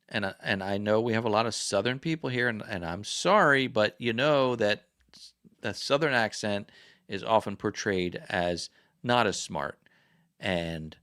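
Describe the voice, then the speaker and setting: A man's voice: fairly low pitch, a bit bright. A man hosting a casual livestream chat, rambling and chatty and often correcting himself. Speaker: livestream host.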